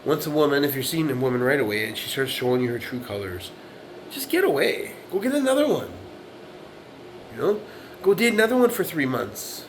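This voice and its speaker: A vlogger in his late forties delivers a casual, blunt, profane monologue to camera, repeating himself and often asking "right?". His mid-range voice is sing-song and brisk, on poor audio with slight background noise.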